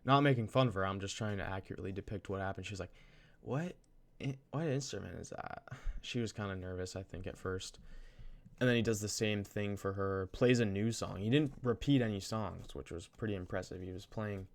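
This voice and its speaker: A man's voice: fairly low pitch, a little fast. A young man casually telling a story from his college day, rambling, restarting his sentences and using slang. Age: young adult. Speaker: vlogger.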